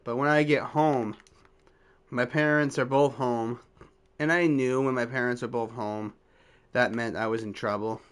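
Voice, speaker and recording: A young man in his twenties tells a story in a casual, rambling way. He swears freely and laughs at himself. His voice is smooth and clear, at an ordinary middle pitch. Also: a bit bright. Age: 20s. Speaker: vlogger.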